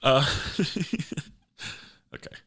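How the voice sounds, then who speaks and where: A man's voice: drawn-out words, a bit bright. A man hosting a comedy podcast, rambling playfully with lots of fillers in casual chat. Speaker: podcast host.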